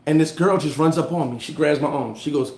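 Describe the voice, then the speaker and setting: A man hosting a casual motivational livestream, telling animated stories in street slang and answering viewer comments. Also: fairly high pitch, fairly quick, roomy sound. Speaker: livestream host giving motivational talk. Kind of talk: casual motivational live chat.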